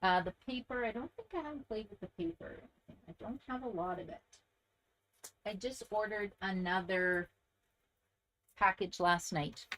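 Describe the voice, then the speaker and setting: A woman's voice: mid-range voice, a bit bright. A woman hosting a crafting channel, chatting casually and enthusiastically to viewers as she shows handmade card samples.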